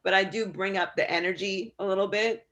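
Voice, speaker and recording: A woman sports broadcaster candidly answering student questions over a video call, relaxed and full of fillers. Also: medium pitch, fairly quick, muffled recording.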